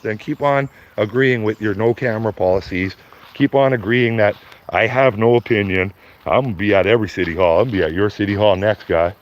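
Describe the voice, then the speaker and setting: A man's voice: lowish voice, fairly quick, dull audio. A man live-streaming to his viewers, ranting heatedly and profanely, repeating himself as he walks outdoors by his garden. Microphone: phone.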